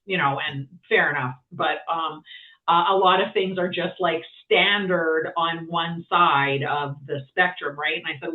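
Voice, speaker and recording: A woman's voice: sits low, steady tone, measured pace. A woman guest chatting casually, rambling with lots of fillers and restarts. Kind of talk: casual conversation. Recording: tinny phone-like sound from far off.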